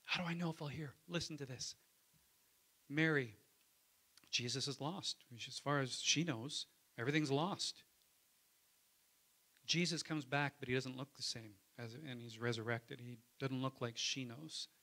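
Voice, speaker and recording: A man's voice: mid-range voice, fairly even intonation, unhurried, pauses often, sharp tone. A man, a pastor, preaching a sermon in a conversational way, often asking the congregation for an amen. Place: church.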